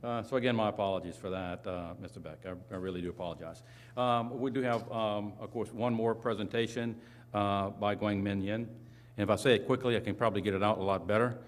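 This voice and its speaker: A man's voice: on the low side, fast talker, a little hiss or hum. A man moderating a conference session, introducing speakers in a fumbling, apologetic and self-deprecating way.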